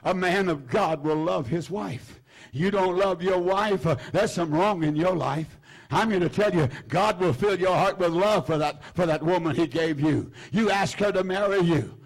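A high-pitched older man preaches. He is fervent and repetitive, circling back to the same lines and filling gaps with "uh" and "hallelujah." It is a sermon delivered to a congregation. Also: moderate pace. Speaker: pastor.

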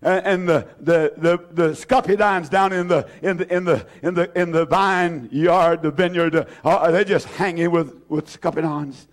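Man, preacher, fervent sermon, repetitive, loud then hushed, high voice. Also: fairly even intonation, moderate pace, hardly any pauses. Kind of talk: impassioned sermon.

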